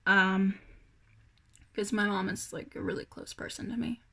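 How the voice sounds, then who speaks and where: A woman's voice: mid-range voice, steady tone, moderate pace, gravelly, a bit bright. A young woman rambling through a casual personal vlog, hesitant, with many fillers and sighs. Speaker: vlogger.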